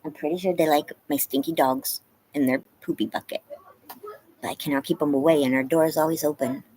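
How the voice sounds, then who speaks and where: A woman's voice: deep voice, steady tone, a little fast, a little mellow, poor audio. A woman hosting a casual live stream, chatting with viewers and reading the chat aloud, laughing often. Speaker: livestream host. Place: home, yard.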